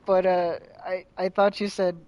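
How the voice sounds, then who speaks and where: A man's voice: sits high, level tone, measured pace, a little mellow, smooth, dull audio. A man streaming a game with a friend, talking in a laid-back, offhand, joking way. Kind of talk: casual gameplay chat.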